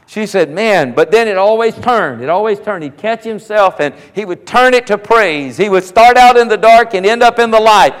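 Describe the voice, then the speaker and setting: A man preaching a sermon as pastor, slowing down and rising in force when quoting scripture. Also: sits high, animated, clean tone. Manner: preaching, slows and rises on scripture quotes. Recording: long reverb of a large hall.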